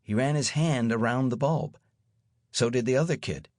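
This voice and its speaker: A man narrates an audiobook in the first person with a wry, dry storytelling manner. His voice sits at a middle pitch in a close, dry studio sound. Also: moderate pace, a little mellow, no room sound.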